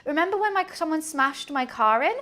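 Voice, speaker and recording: A young woman streaming and chatting casually, telling a story with quick asides and frequent laughs. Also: sits high, expressive, sharp tone. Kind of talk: casual chat to a stream audience.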